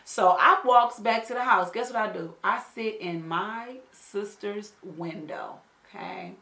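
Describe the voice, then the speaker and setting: In a roomy, echoing space, a beauty vlogger in her thirties tells a story while applying her makeup. Her voice sits at a medium pitch with a measured pace and a sharp edge. She's blunt and salty, swearing freely and hammering her points home by tagging lines with "okay?"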